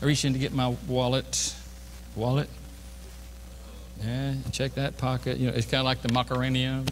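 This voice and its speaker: A man's voice: medium pitch, completely flat delivery, normal speed, a little hiss or hum. A middle-aged man, a pastor telling a self-mocking story in a sermon, chatty and full of restarts. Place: church sanctuary. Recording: reverberant church hall.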